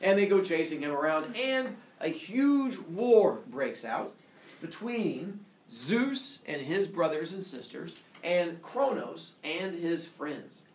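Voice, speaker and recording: Brief: lively male teacher storytelling to a class, sound effects and voices; distant, roomy classroom sound. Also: on the high side, takes it slowly. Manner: animated, goofy, sound effects.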